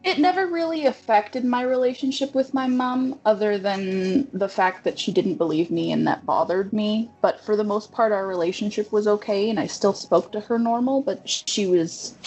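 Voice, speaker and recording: A woman playing in a tabletop role-playing game, describing her character's actions quickly with frequent laughs. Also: mid-range voice, darkish tone, poor audio. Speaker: player. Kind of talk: casual role-play chat.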